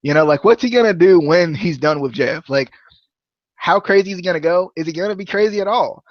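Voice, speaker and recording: A man's voice: high voice, a little fast, no echo, muffled recording. A man hosting a casual wrestling review podcast, rambling with lots of fillers, restarts and laughter. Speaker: podcast host.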